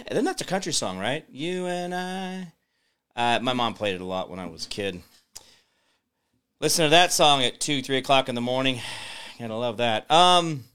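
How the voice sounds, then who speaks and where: Lively, bright-voiced male host. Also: mid-range voice, clean tone. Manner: rambling, filler-heavy, sarcastic. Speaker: host of a daily talk show. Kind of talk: casual commentary monologue.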